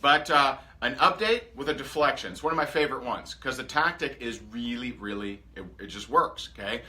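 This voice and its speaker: Male sales coach, bright and forceful, high energy, acts out sample lines. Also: normal speed. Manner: energetic, animated, acts out example dialogues. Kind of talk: motivational training talk.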